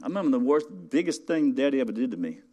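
Male pastor, mid-pitched, preaches in an easy conversational way and builds to loud, emphatic questions to the room. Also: sing-song, rapid-fire. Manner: conversational, rising to emphatic call-outs. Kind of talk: sermon.

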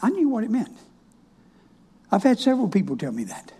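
A male pastor preaches in a folksy, colloquial style, sharing stories from his counseling work and switching between the voices of the people he quotes. His voice sits high and is mellow and husky, with huge swings in pitch and a slightly fast pace.

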